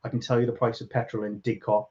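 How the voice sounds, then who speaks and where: A man from Liverpool with a softened Liverpool accent, co-hosting a podcast in a laid-back, wry, rambling way. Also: medium pitch, flat delivery, fast, dull audio. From Liverpool, England. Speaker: podcast co-host. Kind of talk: casual chat.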